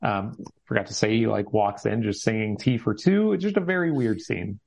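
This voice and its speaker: A man chatting casually about a film scene in a halting way, restarting often. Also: lowish voice, gravelly, darkish tone. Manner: halting, many fillers and restarts. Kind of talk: casual chat. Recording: dull lo-fi audio.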